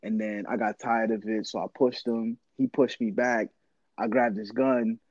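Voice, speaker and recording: A man's voice: fairly low pitch, moderate pace, dry recording, lo-fi sound. A man chatting casually with friends and telling a story in slangy talk, acting out the voices. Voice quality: slangy, animated, acts out voices.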